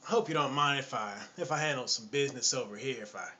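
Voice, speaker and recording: A man playing a relaxed, easygoing dude who talks in a loose, offhand way. His voice sits close to the storyteller's own. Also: mid-range voice, quick pace, natural voice. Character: laid-back man smoking in a park.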